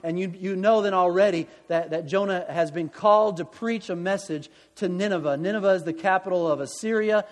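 High-voiced male pastor in a reverberant hall. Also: a little fast, hardly any pauses. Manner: conversational, self-deprecating, many restarts. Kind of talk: sermon.

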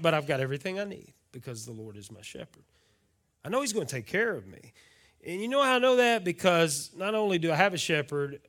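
Bright-voiced preacher man. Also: on the high side. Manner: preaching with big swings from loud to hushed; folksy, asks the congregation questions. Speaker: pastor. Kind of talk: sermon.

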